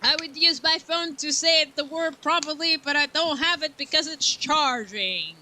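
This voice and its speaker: A woman's voice: high-pitched, moderate pace, sharp tone, slight background noise, poor audio. A woman giving casual, chatty gameplay commentary, correcting herself as she goes, over game music. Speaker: let's play streamer.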